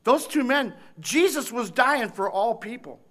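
A man preaching a sermon, with emphatic, repetitive phrasing that swings from shouted intensity to hushed tenderness. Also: very high voice, animated, measured pace.

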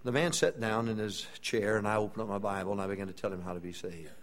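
A preacher with a fairly low voice delivers a sermon as earnest, folksy storytelling. He often drops to a hushed tone as he tells his story. His plain, direct delivery stays close to the congregation. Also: fairly even intonation, quick pace. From East Texas. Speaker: pastor.

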